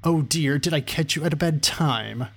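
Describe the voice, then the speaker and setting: A man's voice: mid-range voice, expressive, moderate pace, lightly acted. A man voicing a scrawny, sarcastic male magician who taunts in a snide, sing-song way. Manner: mocking, sing-song, smirking.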